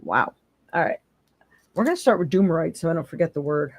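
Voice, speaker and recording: A woman's voice: low-pitched, lively intonation, fairly quick, no room sound. A woman hosting a live psychic tarot stream, talking casually, laughing often and giving blunt encouragement. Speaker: psychic tarot reader, podcast host.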